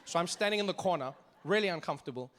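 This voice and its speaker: A South African man doing stand-up comedy, telling a story with animated delivery. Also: high-pitched, rapid-fire, in a large hall. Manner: animated storytelling, acting out voices.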